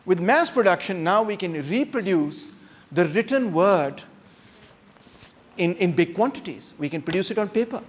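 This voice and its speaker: An animated man lecturing a class, his voice sitting fairly high for a man. He talks straight to the room without a microphone, acting out examples with strong emphasis. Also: moderate pace. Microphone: no microphone, unamplified voice.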